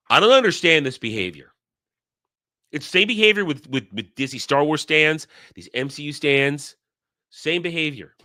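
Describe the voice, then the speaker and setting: Man, sarcastic ranting commentary, forceful bright tone, dry close mic. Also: medium pitch, no room sound. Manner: sarcastic, scornful, repeats phrases. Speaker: online commentary host.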